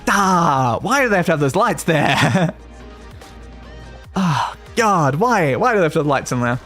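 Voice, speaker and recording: A man's voice: fairly high pitch, very animated, a little slow, a bit bright, soft background music. An Australian man streaming a puzzle game, chatting casually and coaching himself through each jump while answering his chat. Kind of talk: casual gameplay commentary.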